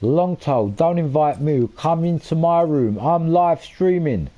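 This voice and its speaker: His voice is fairly high, animated and warm, moving a little slowly, and the recording's highs are cut off. The young man comments casually on his gameplay for his stream, swearing frequently and getting frustrated.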